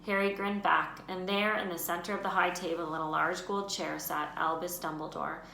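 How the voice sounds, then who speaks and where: A woman teacher reading a children's book aloud in an expressive storytelling voice. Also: lowish voice, normal speed, creaky. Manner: expressive, lifts her voice for names and shouts. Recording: roomy room echo, faint noise.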